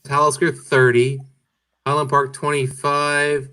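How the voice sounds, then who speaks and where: A man in casual chat, telling an animated story and swearing freely. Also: medium pitch, measured pace, clean tone.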